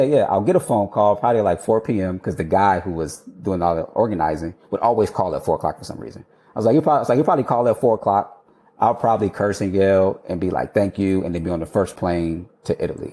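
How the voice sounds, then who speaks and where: A man in his thirties, an architect guest telling stories in a casual interview, animated, laughing and swearing freely. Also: low voice.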